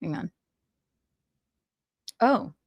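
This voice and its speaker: Extremely slowly, a woman chats and giggles through a casual pop-culture gossip livestream, adding tired remarks about how exhausted she is. The audio has no room sound and the highs are cut off.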